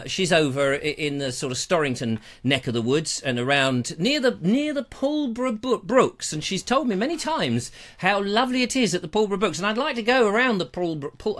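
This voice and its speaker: A man's voice: sits high, sharp tone. Playful, theatrical man host. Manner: playful, theatrical, repeats phrases, teasing asides. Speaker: host of a live online show. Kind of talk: rambling live-stream chat.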